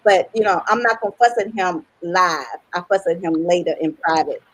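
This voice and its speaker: A woman's voice: lowish voice, moderate pace, low-quality recording. A woman hosting a casual livestream over a video call, chatty and joking, laughing often as she explains a game and its prizes. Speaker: host and publisher.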